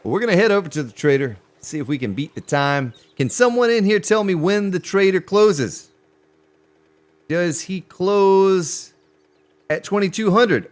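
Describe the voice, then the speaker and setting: Male game streamer, casual chatty play-by-play, lively pitch. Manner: chatty, talks to chat viewers as he plays; animated, pitch jumps on exclamations. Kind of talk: live gameplay commentary.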